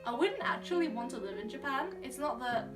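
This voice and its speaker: A young woman from Scotland with a high voice answers comments with sassy, playful comebacks in a casual vlog. She sits a little back from the mic, and clear background music plays under her. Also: lively intonation, fairly quick, recorded from a distance. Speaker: YouTuber reading comments.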